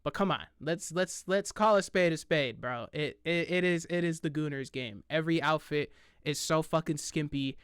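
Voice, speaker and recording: Man, reaction host, slightly high voice, crude joking delivery, dry close mic. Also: normal speed, a bit bright, smooth, dry recording. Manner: profane, laughing, mocking asides. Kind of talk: casual reaction commentary.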